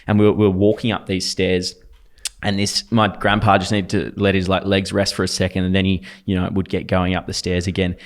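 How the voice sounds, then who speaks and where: A man's voice: low voice, monotone, a little fast. A young man co-hosting a podcast, chatting in a laid-back, rambling way with lots of ums. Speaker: podcast co-host. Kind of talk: casual chat.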